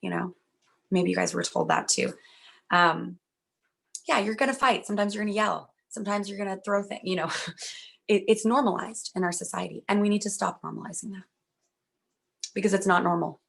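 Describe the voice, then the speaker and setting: A young woman giving an earnest, reassuring talk at a virtual event, speaking gently about communication. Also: medium pitch, fairly quick, creaky, pauses often, breathy edge. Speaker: workshop speaker.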